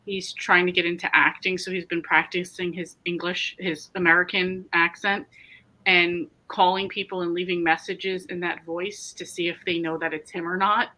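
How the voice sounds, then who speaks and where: Bright-voiced woman hosting a chat stream. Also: on the low side, flat delivery, normal speed, low-quality recording. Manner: chatty, reads comments aloud and riffs on them. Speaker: livestream host reading viewer comments. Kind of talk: casual chat.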